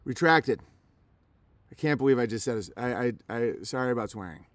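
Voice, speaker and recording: A man's voice: medium pitch, a little fast, no room sound. A man live streaming, talking casually to his chat in a rambling way with many restarts.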